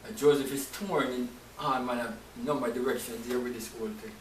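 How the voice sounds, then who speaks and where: A man's voice: mid-range voice, fairly quick, far from the mic. Brief: male preacher, storytelling sermon, roomy sound with faint hiss. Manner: expressive storytelling, acts out emotions.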